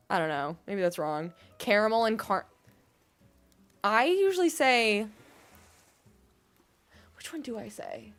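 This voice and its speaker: A woman's voice: medium pitch, lively intonation, slow pace, pauses often, faint music behind. A young woman streaming a game, chatting casually with viewers, giggling and musing about how words are pronounced. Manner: bubbly, giggly, reads out chat and muses on word pronunciations. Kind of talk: casual livestream chat with viewers.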